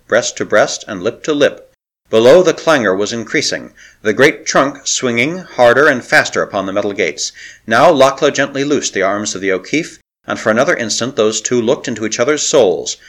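A man narrating an old adventure novel aloud in an expressive, theatrical manner. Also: mid-range voice. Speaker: audiobook narrator. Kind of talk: dramatic audiobook narration.

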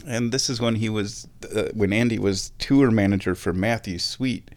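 A man in his thirties from Omaha, telling a rambling, animated story in a casual monologue, chuckling now and then and bringing quoted people to life. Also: on the low side, moderate pace. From Omaha, Nebraska.

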